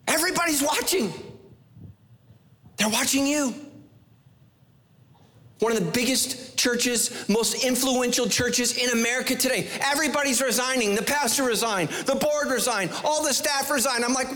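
A man preaching a sermon as pastor, animated, firing rhetorical questions at the congregation with playful asides. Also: very high-pitched, normal speed. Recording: long echoey hall reverb.

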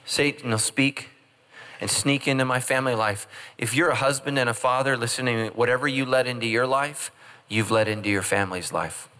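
A man's voice: medium pitch, brisk, sharp tone. A middle-aged man preaching a humorous sermon as pastor, joking and acting out quoted voices. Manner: jokey, acts out quoted voices.

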